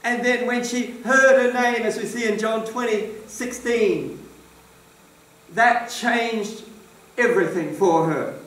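A man's voice: very high voice, steady tone, takes it slowly, fairly bright tone. A man preaching a sermon in a church hall, emphatic and questioning his congregation. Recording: roomy echo, distant mic.

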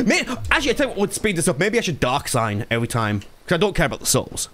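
A young man chatting live while playing a game, ranting and swearing, alternating between low mumbles and loud outbursts. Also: wildly swooping pitch, racing, hardly any pauses, slight background noise. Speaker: streamer. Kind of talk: casual live-stream chat.

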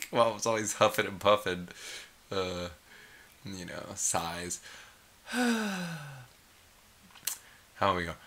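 A man casually leading a heart meditation as an energy healing teacher, laid-back and blissed out, with sighs, hums and soft chuckles. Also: fairly low pitch, huge pitch swings, very slow, long pauses, background noise.

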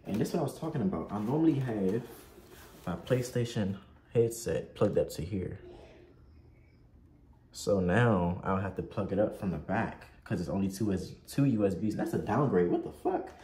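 A man's voice: on the low side, animated, moderate pace, dark tone, reverberant. A man hosting a gaming channel, chatting casually through an unboxing and install tutorial, laid-back and prone to swearing and laughing.

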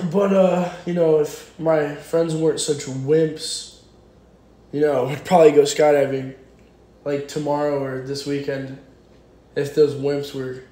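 A young man hosts a casual livestream from his phone at home, indoors, reading viewer comments and rambling through jokes and playful teasing. His voice is on the high side yet dark, with a level tone and a slow pace.

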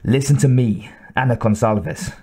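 Audiobook, male reader playing a stern, commanding army major, calm and firm. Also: mid-range voice, moderate pace, slightly rough, close to an everyday voice.

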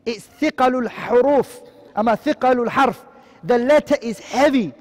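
Guy teaching tajweed, very high voice, fast, quizzes himself the whole time, big echoey hall. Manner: quizzing, asks and answers his own questions; recites Arabic terms quickly, then explains in English. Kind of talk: online lesson.

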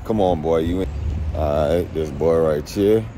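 A man's voice: rumbling low, measured pace, warm tone. A man vlogging casually while traveling, talking slangy to his viewers and often repeating words. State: out of breath. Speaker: vlogger delivering a puppy. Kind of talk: casual vlog talk to camera. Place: airport and car. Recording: noisy phone recording.

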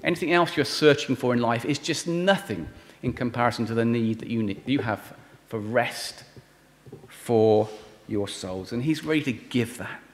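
A man preaching a sermon and leading prayer, earnest and pleading, often dropping to a soft voice on key words. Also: medium pitch, normal speed. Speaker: visiting preacher. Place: church hall. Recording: reverberant hall.

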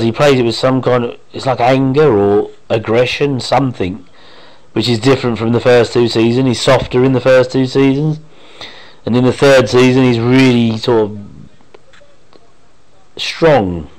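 A man chats over an episode he loves, in a voice of ordinary middle pitch. He rambles happily, drops half-finished thoughts and doubles back. It sounds like a relaxed fan commentary recorded on a home microphone. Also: rough recording. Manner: rambling and enthusiastic, with trailing half-sentences. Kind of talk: casual watch-along commentary.

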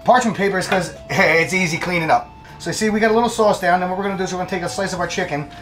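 A man's voice: sits high, very fast, a bit bright, faint music behind. A man demonstrating a recipe in a kitchen, chatty and plain-spoken, and he laughs easily. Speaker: guest cook. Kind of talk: casual cooking demonstration.

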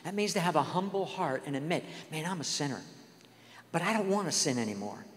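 A man's voice: a little high, expressive, fairly quick. Earnest man preaching in a reverberant hall. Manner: earnest storytelling, acts out quoted dialogue. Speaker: guest speaker. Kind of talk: sermon.

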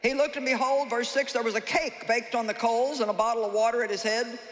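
A woman preacher giving a lively, humorous sermon to a live audience, reading scripture and acting out the people she talks about. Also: on the high side, fairly quick. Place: large hall with a live audience. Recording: echoey hall, faint ambience.

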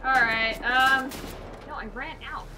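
A young woman playing a video game with a friend, excitable and swearing, shrieking when startled. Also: sits high, unhurried, background noise. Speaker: gamer, co-host. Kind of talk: let's-play banter.

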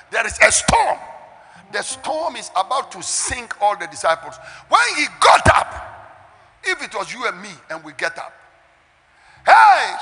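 A pastor in his sixties from Ghana preaching a sermon with fervour, breaking into shouts and half-sung phrases. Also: sits high. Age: 60s. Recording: echoey hall with faint music.

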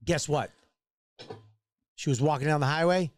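A man co-hosting a comedy podcast, talking loudly and crudely, riffing and slipping into quick bits. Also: on the high side, a little hiss or hum. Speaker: podcast co-host. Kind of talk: casual comedic chat.

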